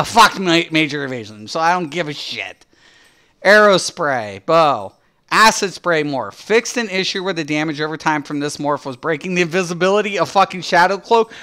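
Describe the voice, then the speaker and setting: A man giving profane, excitable commentary as he reacts to game patch notes, swearing constantly and breaking into laughter. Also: sits high, clean tone. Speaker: gaming streamer.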